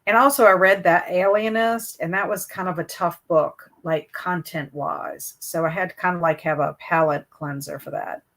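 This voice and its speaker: A woman hosts a casual book livestream and chats with her viewers. Her voice sits a little low, and her manner is chatty and hesitant, with many fillers and restarts. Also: steady tone, normal speed, few pauses, fairly bright tone. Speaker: booktube host reading live chat.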